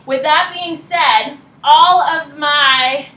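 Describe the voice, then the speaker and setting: A woman teacher giving a chatty, animated classroom lecture, often checking in with her students. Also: high-pitched, drawn-out words. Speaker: high school teacher. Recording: roomy classroom echo.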